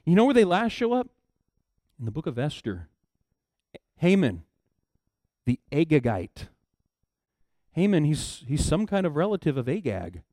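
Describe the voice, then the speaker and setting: A man preaching a sermon in a casual storytelling way, swinging from low murmurs to loud emphatic bursts. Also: very animated, no room sound, studio quality. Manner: casual storytelling, acts out characters in quick asides. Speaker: pastor.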